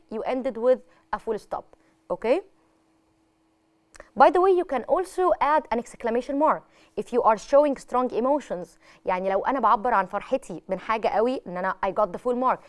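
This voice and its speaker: A woman's voice: a little high, clean tone. A woman with an Egyptian accent teaching an English lesson on a TV channel, explaining in Arabic and stressing her example sentences.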